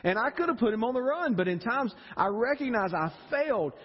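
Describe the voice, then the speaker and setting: Animated preacher man in an echoing hall. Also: extremely high pitch, fairly quick, breathy edge, lo-fi sound. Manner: animated, emotional, repeats words when stirred. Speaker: pastor. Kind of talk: sermon. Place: church sanctuary.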